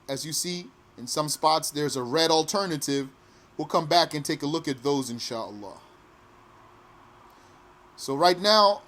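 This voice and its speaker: A man teaching pronunciation patiently, repeating each phrase slowly and sometimes chanting it. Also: on the high side, a bit bright. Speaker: recitation teacher. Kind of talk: pronunciation lesson.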